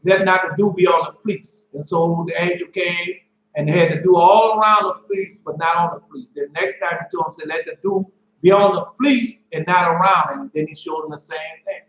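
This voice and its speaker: A man preaching an informal sermon, telling stories and reading scripture, excitable and full of slang like "man" and "boy". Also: high voice, normal speed. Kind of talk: informal sermon and Bible teaching. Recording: echoey room, dull lo-fi sound.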